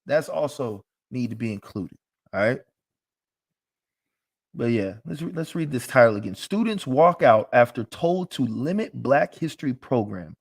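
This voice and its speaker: Brief: male class teacher, casual live commentary, emphatic and joking, mid-pitched. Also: animated, a little slow, creaky. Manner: emphatic, joking, with frequent restarts.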